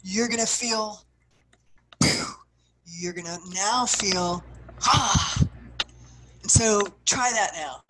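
Expressive woman leading a writing workshop. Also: medium pitch, slow, slight background noise, poor audio. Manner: expressive, acts out what she describes, soft trailing phrases. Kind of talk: guided workshop instruction.

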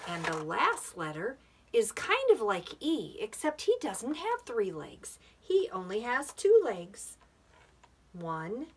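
Woman, preschool teacher, sing-song, very lively pitch, slow delivery. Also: a little hiss or hum. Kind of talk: preschool lesson to camera.

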